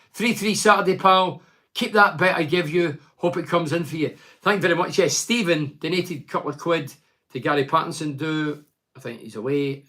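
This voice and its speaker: Middle-aged Scottish male host, blunt and outspoken, slightly raised pitch, reads listener messages. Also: a bit bright. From Scotland. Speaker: radio phone-in host. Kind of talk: casual call-in chat.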